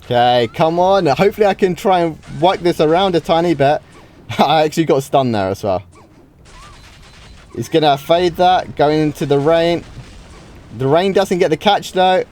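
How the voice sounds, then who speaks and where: A man's voice: on the high side, normal speed, a little mellow. A man casually commenting on his own live game duels, reacting often and restarting sentences. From United Kingdom. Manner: casual, reacting to play, frequent wows and restarts. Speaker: gaming streamer. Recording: faint game music behind.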